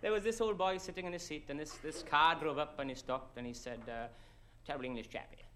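A man's voice: on the high side, fast talker. A man with a Welsh accent telling a comic anecdote, chuckling as he goes. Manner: lively, chuckling as he tells. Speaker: comic storyteller. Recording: loud noisy recording.

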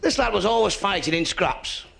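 A man's voice: sits high, moderate pace, gravelly, over a noisy crowd, very noisy. A man telling a joke in a club stand-up style, acting out the dialogue. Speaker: stand-up comedian.

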